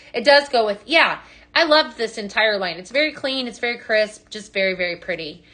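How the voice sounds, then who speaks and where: A woman hosts a live sales stream, her voice bright and forward with a slightly high pitch. She rambles cheerfully through product details, full of fillers and asides. She keeps breaking off to greet and answer viewers by name. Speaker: host of a live product sale. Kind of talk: chatty live-stream selling.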